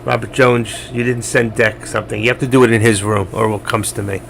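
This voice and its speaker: A man's voice: on the low side, steady tone, a little fast, creaky, fairly bright tone, a little hiss or hum. A man hosting a live trading stream, chatting casually and rambling while he talks viewers through charts and answers their messages. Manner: chatty, rambling, addresses chat viewers directly.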